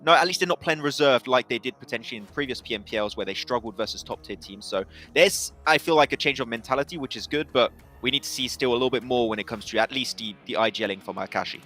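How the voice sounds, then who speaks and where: A man giving esports analysis at a desk, animated, with quick restarts. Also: medium pitch.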